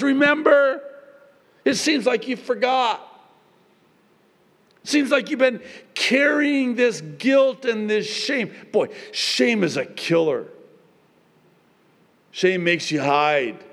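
Slow, gravelly pastor preaching in a hall. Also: male voice, sits high, very animated. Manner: dramatic, swings from loud exclamations to hushed prayer. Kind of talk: sermon. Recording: long reverb of a large hall.

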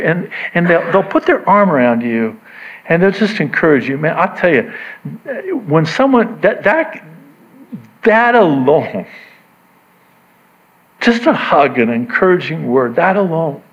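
Animated man preaching, lo-fi sound. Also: moderate pace. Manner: animated, acts out quoted voices with sudden pitch jumps; conversational, self-interrupting with asides. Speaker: pastor. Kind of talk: sermon.

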